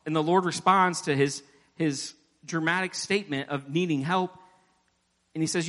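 A man preaches in a church with a slightly high voice, and long reverb trails each phrase around the big hall. He talks to the congregation in a casual way, jokes about himself, and acts out the prayers he quotes. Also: fairly even intonation, normal speed, a bit bright. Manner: conversational preaching with self-deprecating asides, acting out quoted prayers. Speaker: pastor. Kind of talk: sermon.

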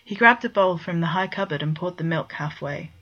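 A woman reading fan fiction aloud with plain, steady narration. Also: lowish voice, a little fast, muffled recording. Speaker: story reader.

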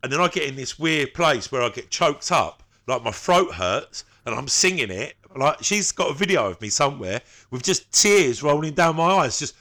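A man's voice: fairly high pitch, very animated, normal speed, few pauses, pushed and bright. A man, a podcast co-host telling stories in casual, slangy chat and laughing often.

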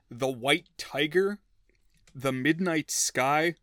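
A man co-hosting a casual film podcast, chatty and joking, with quick asides. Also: mid-range voice, pushed and bright, smooth, dry recording, clean studio sound. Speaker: podcast co-host.

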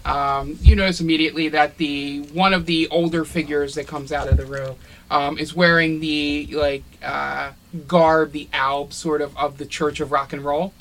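Serving as game master for a tabletop role-playing game, a man describes scenes while filling his speech with ums and uhs. His voice is fairly high and fairly bright, with little pitch movement and a moderate pace. The low-quality recording carries a little hiss or hum.

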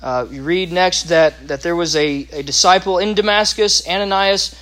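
A man's voice: high voice, normal speed, a bit bright. A man teaching a Bible lesson, explaining scripture with asides and restarts.

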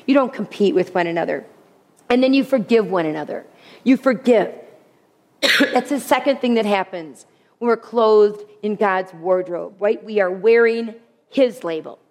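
A woman preaching a sermon with humor, animated, often repeating her key phrases. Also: medium pitch, normal speed. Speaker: women's speaker. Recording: long hall reverb.

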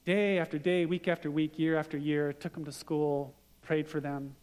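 A man's voice: a little high, level tone, normal speed, a little mellow. A middle-aged man preaching a sermon in a conversational way, mixing scripture with stories from his family. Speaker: pastor. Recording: long reverb of a hall.

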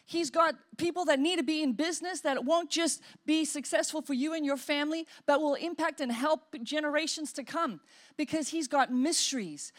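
A woman pastor preaching a sermon in an animated way, acting out inner voices and demonstrating praying in tongues. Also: sits high.

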